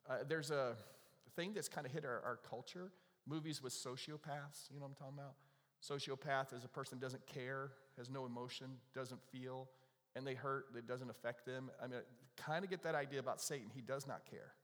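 A man gives a sermon in a relaxed, conversational way, spinning stories and tossing in asides to his congregation. His voice sits at an ordinary middle pitch. The sound carries a long reverb from a large church sanctuary. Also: a little fast. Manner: conversational, lively storytelling with asides and laughs. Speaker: pastor.

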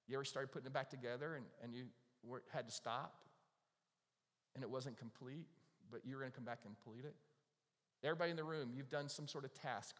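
A man preaching to his congregation in a conversational way, often turning to ask them questions. His voice sits at an ordinary mid pitch. It carries a long reverb from the large hall. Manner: conversational, asks the congregation questions, acts out worried prayers. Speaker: pastor. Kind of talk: sermon. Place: church with audience.

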